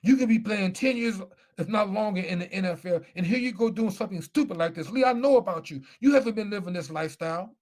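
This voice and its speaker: A man putting on the voice of a stern male head football coach, gruff and clipped. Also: mid-range voice, quick pace, darkish tone, natural voice. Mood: angry.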